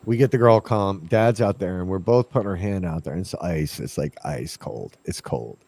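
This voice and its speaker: Low-voiced man telling a ghost story. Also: a little fast, slight background noise. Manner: animated, acts out his own past lines. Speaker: paranormal investigator telling a story. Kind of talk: casual storytelling chat.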